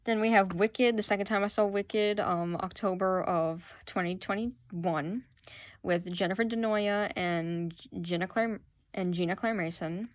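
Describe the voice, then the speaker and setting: A woman's voice: medium pitch, steady tone, a little slow, no room sound. A woman chatting casually into her phone, gushing with fan enthusiasm as she shows off her collection. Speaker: vlogger showing her playbill collection. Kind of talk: casual chat to camera.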